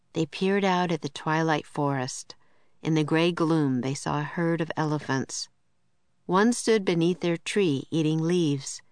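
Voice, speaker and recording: A woman narrating a children's audiobook in a slow, clear storytelling manner, close to the mic. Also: low voice, dry recording.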